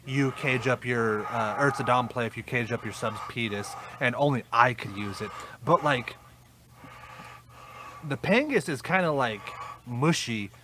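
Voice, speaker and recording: A man's voice: medium pitch, noisy background. A man co-hosting a podcast, teasing his partner with profanity and explaining things at length. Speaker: podcast co-host. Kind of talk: casual podcast banter.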